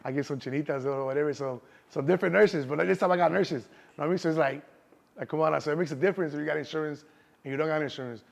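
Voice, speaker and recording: A man's voice: fairly high pitch, very fast, creaky. A middle-aged man with a Chicago accent, telling stories in casual street slang in an interview. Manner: streetwise slang, keeps saying "you know what I'm saying". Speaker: interview guest. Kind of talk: casual storytelling.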